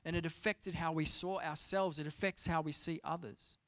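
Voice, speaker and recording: A man preaches to his church in a voice pitched a little above the usual. He stumbles and repeats words between points, then climbs to loud, stressed readings. Sermon delivery. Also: fairly even intonation, normal speed. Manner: repeats words while searching, builds to loud emphatic reading. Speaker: pastor. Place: church hall before a congregation.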